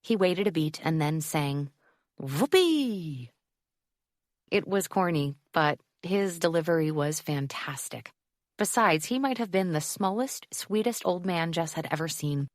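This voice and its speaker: A woman narrating a romance audiobook in a measured, even reading on a close mic. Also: low-pitched, dry recording. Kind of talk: scripted narration.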